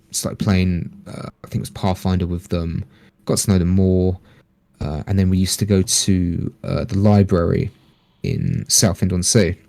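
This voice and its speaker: Chatty man with a low, mellow voice. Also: no room sound. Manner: animated, swears casually, acts out other people's lines. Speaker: podcast guest. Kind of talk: casual storytelling chat.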